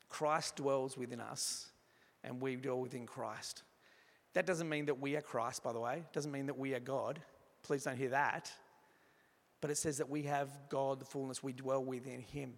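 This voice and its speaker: Earnest pastor in a reverberant hall. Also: male voice, mid-range voice, fairly even intonation, measured pace, long pauses. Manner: earnest, swings from emphatic to hushed and soft. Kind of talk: evening church sermon. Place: church hall.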